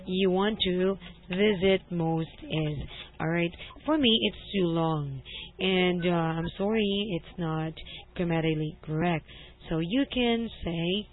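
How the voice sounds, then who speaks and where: A woman leads a one-to-one English lesson, gently correcting her student and laughing easily. She talks at an unhurried pace, and the thin, tinny call audio sounds like a phone line. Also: fairly low pitch. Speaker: English tutor. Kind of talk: online one-to-one language lesson. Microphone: video call.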